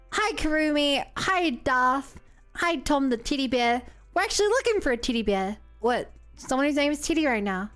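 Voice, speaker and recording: A woman's voice: high voice, lively intonation, moderate pace, a bit bright. A young woman streaming a game, chatting casually and rambling as she reacts to chat. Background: game music.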